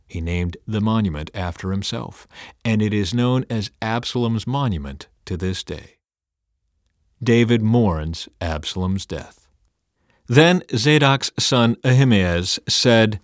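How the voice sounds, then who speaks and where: A man reading scripture aloud in a measured, steady scripted narration. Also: on the low side, no room sound, studio quality. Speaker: scripture reader.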